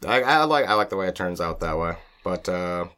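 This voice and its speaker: Deep, smooth-voiced man chatting casually. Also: expressive, fairly quick, pushed and bright. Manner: rambling, filler-heavy explaining. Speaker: food podcast co-host. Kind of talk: casual chat.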